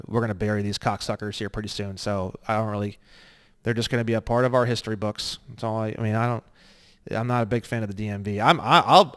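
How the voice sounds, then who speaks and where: A man runs an online lesson in a crude, rambling style, muttering low one moment and ranting loudly the next. His voice is smooth and resonant at an ordinary middle pitch. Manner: crude, joking, swings between muttering and loud rants. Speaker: online legal course instructor. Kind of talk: profane, rambling screen-share lesson.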